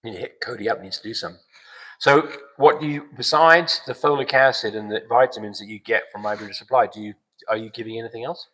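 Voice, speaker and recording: A man of middle pitch talks through viewer questions on a casual live stream. His delivery is relaxed and advisory, with plenty of fillers and restarts. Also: quick pace, husky, poor audio. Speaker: dog breeding show host.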